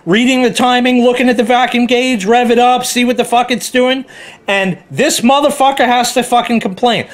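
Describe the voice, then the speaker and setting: A man's voice: very high voice, steady tone, moderate pace. A man telling an angry, profane story about a neighbor in a heated rant and quoting people as he goes. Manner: heated, profane, quoting others in put-on voices. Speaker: car hobbyist vlogger.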